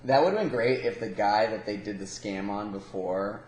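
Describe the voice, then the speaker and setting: A man co-hosting a podcast, chiming in with quick reactions and crude jokes. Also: lowish voice, darkish tone. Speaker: podcast co-host. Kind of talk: casual chat. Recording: echoey room with faint noise.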